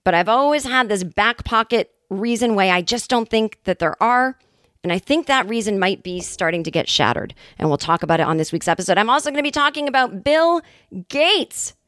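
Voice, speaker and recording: Comedian woman in her fifties hosting her own podcast, animated and salty, on a dry close mic. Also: a little high, brisk, dry recording. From New England, Boston area. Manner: animated, profane, jokey asides. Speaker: podcast host and stand-up comedian. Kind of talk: casual comedic monologue.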